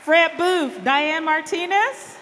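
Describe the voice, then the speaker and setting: Woman, assembly announcer reading names slowly; high, bright voice, reverberant hall sound. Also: slight background noise. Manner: reads names slowly and calls winners up. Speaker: awards announcer. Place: large school hall or auditorium. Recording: reverberant hall, faint ambience.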